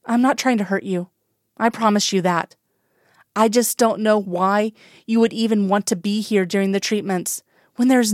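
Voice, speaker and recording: A woman's voice: medium pitch, no echo, clean studio sound, natural voice. A woman reading the part of a seriously ill doctor, tired and guarded, answering in short clipped lines.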